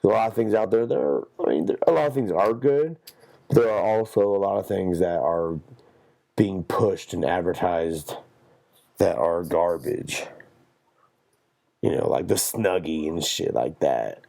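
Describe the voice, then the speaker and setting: A young man with a deep, gravelly, warm voice hosts a solo podcast at a measured pace. His monologue is jokey and meandering, full of swearing and rambling stories.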